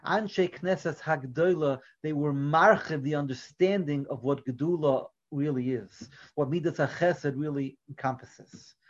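A man delivers an earnest Torah lecture with a fairly high voice, often sinking to a quiet, soft delivery as he makes a point. The recording is dull and lo-fi, with little crispness. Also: unhurried, few pauses. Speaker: Torah teacher. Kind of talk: religious lecture with storytelling.

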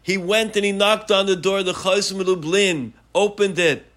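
Male Torah teacher with a somewhat high voice, measured explanatory delivery, daily lesson. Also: fairly even intonation, a bit bright.

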